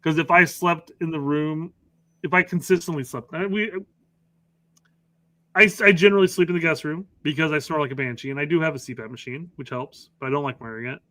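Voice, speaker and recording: A middle-aged man co-hosting a casual soccer podcast, talking in an animated, profane way with joking asides. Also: fairly high pitch, brisk, no echo. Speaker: podcast co-host.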